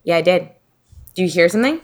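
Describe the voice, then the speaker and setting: A woman co-hosting a podcast in casual chat, laughing often and telling stories in an animated way. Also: on the low side, quick pace. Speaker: podcast co-host.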